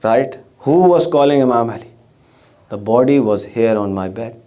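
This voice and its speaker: A man's voice: medium pitch, lively intonation, moderate pace, dark tone. A middle-aged man giving a sermon in a gathering hall, telling stories with rhetorical questions and frequent restarts. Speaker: religious speaker. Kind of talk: sermon storytelling.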